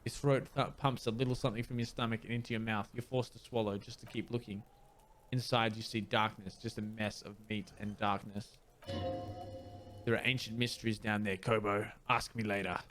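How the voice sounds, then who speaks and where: A man's voice: lowish voice, flat delivery, fairly bright tone, soft background music. A man playing through a video game, reading its dialogue aloud and doing amateur voices for the characters. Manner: amateur voice acting, measured reading. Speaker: let's player.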